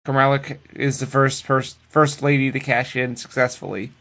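A man co-hosting a casual podcast, retelling wrestling in a loose, profane, animated way. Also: mid-range voice, normal speed. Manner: animated, profane storytelling that acts out the people it quotes. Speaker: podcast co-host recapping wrestling. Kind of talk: casual chat.

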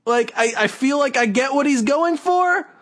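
A man's voice: very high voice, moderate pace. Guy cohosting a wrestling podcast, snarky and rambling, voice bounces around a lot. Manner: sarcastic, animated, rambling. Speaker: podcast co-host. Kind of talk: casual wrestling chat.

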